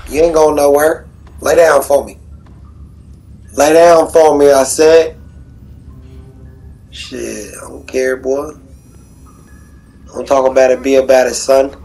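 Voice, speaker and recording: Guy gaming and talking trash on voice chat, cocky and taunting, aave slang, kinda high voice. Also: darkish tone, rough recording. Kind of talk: casual trash talk while gaming.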